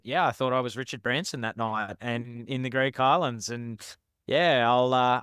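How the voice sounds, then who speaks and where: A man's voice: mid-range voice, fairly bright tone, smooth, dry recording, clean studio sound. A man, a podcast guest telling personal stories in a frank, rambling, self-deprecating way. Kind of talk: candid personal storytelling.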